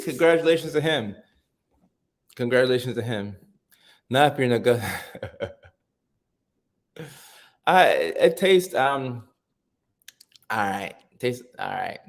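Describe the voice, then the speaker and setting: A man's voice: mid-range voice, big pitch swings, a little slow, gravelly, long pauses, slight background noise. A man in his thirties hosting a casual live stream, chatting loosely with viewers and reading their comments aloud with frequent restarts. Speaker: livestream host.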